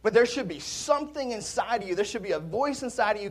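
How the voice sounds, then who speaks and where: A man's voice: high voice, lively intonation, brisk, few pauses, darkish tone. A man preaching a conversational sermon in a church, with jokes and asides to the congregation. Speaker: pastor. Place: church sanctuary.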